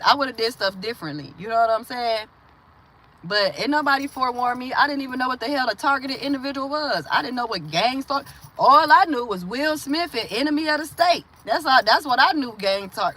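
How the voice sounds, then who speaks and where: Animated woman host, bright lively voice. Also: fairly high pitch. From Milwaukee, US. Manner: rambling and animated, laughs often, acts out quoted voices. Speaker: livestream host. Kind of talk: casual livestream chat reading viewer comments.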